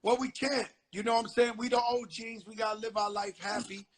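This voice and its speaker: A man with a New York accent hosting a casual live-stream chat, telling street stories in an animated way, swearing a lot and acting out the lines he quotes. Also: sits high, brisk. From the Bronx, New York. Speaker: host. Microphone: phone on a live video stream.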